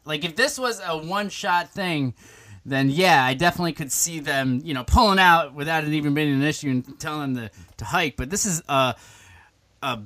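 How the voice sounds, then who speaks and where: A man's voice: fairly high pitch, bright, forceful tone. A man hosting a comedy podcast in casual chat, rambling and self-interrupting with frequent laughs. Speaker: podcast host.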